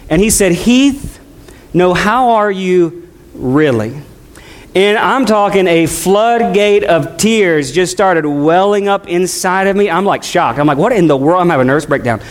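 Man preaching, pastor, fairly high voice, conversational sermon, middle-aged. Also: lively intonation, moderate pace. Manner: conversational preaching with shifting pace.

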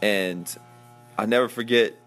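A middle-aged man with a fairly low voice, chatting casually as a podcast host. He tells a long story with lively energy and slips into quoted voices along the way. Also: unhurried, faint music behind. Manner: animated storyteller acting out quotes.

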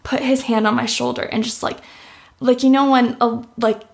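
Speaking at a normal pace, a young woman tells a heartfelt personal testimony during an interview, using "like" often. Her creaky voice is fairly high in pitch and stays level in tone.

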